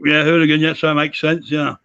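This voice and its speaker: An English man being interviewed as a guest over a video call, good-humoured and gravelly, chuckling often. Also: on the high side, monotone, fast talker, fairly bright tone, highs cut off. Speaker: interview guest, wrestler and promoter. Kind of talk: casual interview chat.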